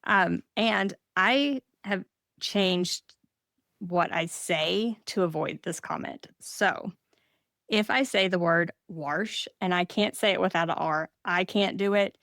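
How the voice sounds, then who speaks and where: A woman's voice: fairly low pitch, slow pace, fairly bright tone, no echo, studio quality. Earnest woman with a Southern accent. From Southern United States. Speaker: podcast co-host. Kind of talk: casual conversational advice.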